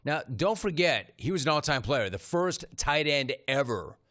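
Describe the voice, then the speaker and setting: A sports radio host, a man with a bright, forceful voice, tears through the day's stories in a brash, excitable rush. He speaks into a studio microphone in energetic sports talk. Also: fairly high pitch, no echo. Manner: brash, excitable, quick commentary.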